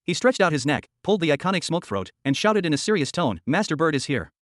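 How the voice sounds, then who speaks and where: Male recap narrator: brisk, slightly high voice, close and dry. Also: sing-song, dry recording. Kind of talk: scripted story narration.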